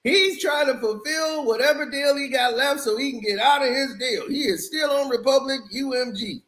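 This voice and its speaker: A man with a high voice tears into an album in a loose, casual rant. He is blunt and scornful and laughs often, and his voice rings in an echoey room. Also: normal speed, a bit bright. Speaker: album reviewer. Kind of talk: casual music review rant.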